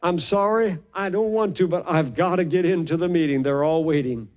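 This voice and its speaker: A man voicing a hurried, apologetic woman surgeon. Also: fairly high pitch, darkish tone, voice pushed up, close to an everyday voice. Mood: flustered.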